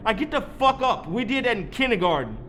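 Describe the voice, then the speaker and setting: High-pitched guy in his 30s going off on a profane rambling rant. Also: sing-song, fast, pushed and bright, slight background noise. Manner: heated, profane, preachy. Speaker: vlogger. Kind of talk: rambling monologue.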